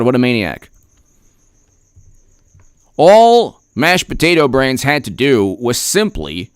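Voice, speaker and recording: A man giving a heated, sarcastic political commentary rant, repeating himself and clearing his throat often. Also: medium pitch, no room sound, clean studio sound. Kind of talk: opinion rant vlog.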